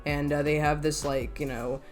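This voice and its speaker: Woman commentary host, deep-voiced, blunt and exasperated, soft music underneath. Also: flat delivery, normal speed. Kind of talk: reaction commentary.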